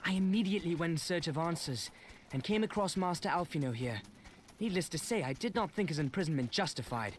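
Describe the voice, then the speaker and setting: Brief: male actor as an earnest, formal young fantasy scholar, slightly high voice. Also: animated, a little fast, a little hiss or hum, close to an everyday voice. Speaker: story character in a fantasy game. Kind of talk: formal game dialogue.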